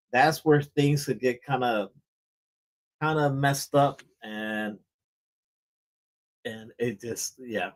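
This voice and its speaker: A man's voice: on the high side, a little mellow, low-quality recording. A man hosting a comic book show, chatting casually about a book, rambling, repeating words and often saying "man".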